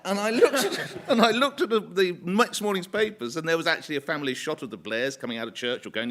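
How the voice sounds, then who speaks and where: A man, a commercial talk radio presenter, giving an animated anecdote-filled speech at a conference and acting out quoted voices. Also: a little high, quick pace, few pauses. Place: conference hall.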